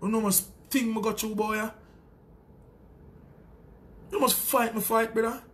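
A Jamaican man with a high-pitched voice delivers a heated callout rant. He speaks as a sound system selector, taunting and boastful, with plenty of profanity. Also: steady tone, measured pace, fairly bright tone.

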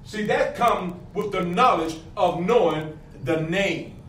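A man's voice: high-pitched, slow, a bit bright. A middle-aged man preaching a fervent sermon, firing questions at his congregation. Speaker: pastor. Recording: echoey, from a distance, faint room noise.

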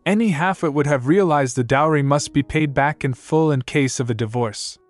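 A man's voice: a little high, normal speed, no room sound, soft background music, close to an everyday voice. A man voicing a haughty sorcerer who serves as the emperor's messenger, disdainful and cutting in every line. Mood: scornful.

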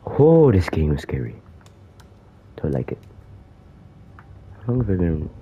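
A man's voice: sits low, big pitch swings, measured pace, breathy edge, muffled recording. A man giving joking commentary as he plays a horror game, talking to the character chasing him. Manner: jokey, talks to the game's villain. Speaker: gaming YouTuber.

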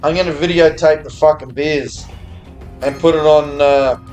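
A bit tipsy and slurring after some beers, a man with a high-ish, steady, slightly mellow voice chats and swears at normal speed during a live gambling stream. He's in a hotel or home room abroad, with soft music in the background.

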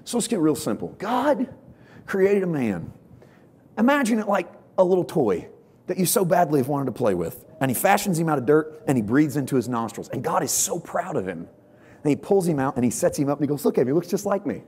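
A man preaching a sermon as a pastor, telling the story playfully and rising to shouts at its peaks. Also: on the high side, big pitch swings, fairly quick, slight background noise.

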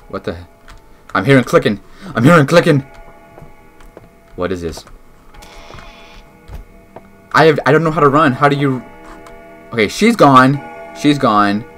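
Jittery let's-play gamer, lively pitch, unhurried delivery, cusses a lot. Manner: jumpy, swears and talks to self. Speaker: gamer playing a horror game.

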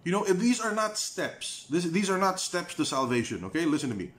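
A man's voice: sits high, sing-song, brisk, a bit bright. A man with a Filipino accent teaching an online Bible study, repeating key phrases, mixing in Tagalog and asking the listeners rhetorical questions.

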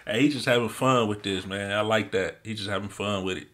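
A man hosting a music reaction video, excitedly repeating lyric lines and commenting on them in casual talk. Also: fairly low pitch, a little hiss or hum.

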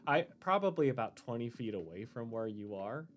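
A man's voice: mid-range voice, big pitch swings, brisk, over music. A man narrating as game master in a tabletop role-playing game, with many fillers and restarts. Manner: hesitant, filler-heavy narration.

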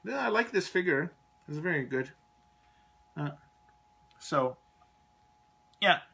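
A man's voice: fairly high pitch, animated, slow pace, creaky, sharp tone, breathy edge. A Canadian man hosting a live toy review stream, chatting casually and rambling, often trailing off mid-thought.

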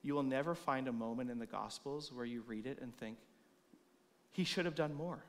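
A man preaching a sermon in a church, expressive, moving between loud emphasis and soft, hushed lines. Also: medium pitch, normal speed. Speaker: pastor.

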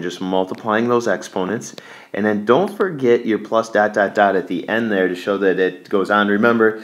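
A man teaching a calculus exam review in a relaxed, conversational way, with fillers. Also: lowish voice. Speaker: math teacher.

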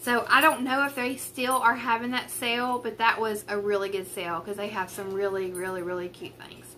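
A woman's voice: medium pitch, flat delivery, fairly quick, bright, forceful tone, a little hiss or hum. A young woman with a rural Southern US accent chatting to camera at home about her cross-stitch projects, rambling and self-deprecating, recorded on a tripod camera at a table. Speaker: craft vlogger. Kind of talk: casual chat to camera. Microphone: camera on a tripod with a ring light.

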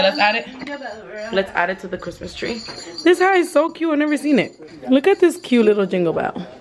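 A young woman vlogging casually, excitable and loud, swearing freely as she opens gifts. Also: mid-range voice. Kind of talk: casual vlog chat.

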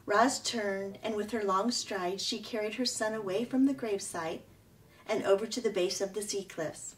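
A woman reading a children's chapter book aloud in an expressive, animated way. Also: mid-range voice, moderate pace, distant mic, a little hiss or hum, rough recording.

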